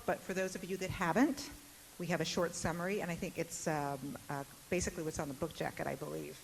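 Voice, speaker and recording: A woman with a low voice moderates a university panel in a lecture hall. She talks with wit and easy fillers. The recording carries a long hall reverb and a faint hiss. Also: steady tone, fast, gravelly. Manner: warm tribute, witty, chatty with fillers. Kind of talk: public talk.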